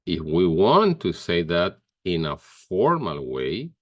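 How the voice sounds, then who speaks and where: Slow, deep-voiced male teacher. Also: wildly swooping pitch, no echo, highs cut off. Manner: slow, careful explaining with pauses and fillers. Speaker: Spanish teacher. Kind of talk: grammar lesson.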